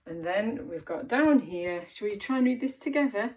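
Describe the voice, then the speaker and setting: A woman teaching a reading lesson to young children, encouraging and clear, making animal noises along the way. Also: medium pitch, animated, normal speed, hardly any pauses, a little mellow. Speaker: primary school teacher.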